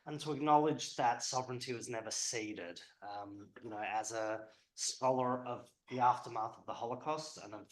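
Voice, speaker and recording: A man's voice: mid-range voice, moderate pace, hardly any pauses, roomy sound, poor audio. A man speaking at a public event as a historian, conversational and hesitant with frequent ums.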